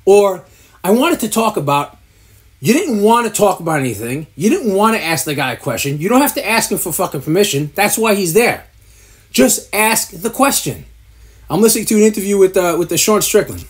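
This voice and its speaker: A man rants with blunt, profane exasperation, mocking others by mimicking them. His voice is husky and his pitch swings widely. He sounds like a podcast producer airing his pet peeves. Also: expressive, fast talker, few pauses. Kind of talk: ranting advice to camera.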